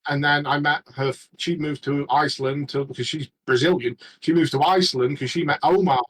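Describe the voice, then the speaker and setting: A man chatting casually as a regular on a podcast, rambling and halting with many restarts. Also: on the high side, steady tone, fairly bright tone, low-quality recording. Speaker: regular panelist.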